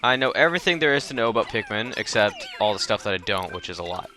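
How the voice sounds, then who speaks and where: A man's voice: fairly low pitch, lively intonation, fast talker, music in the background. A man hosting a let's play, giving casual, chatty and self-mocking commentary as he plays.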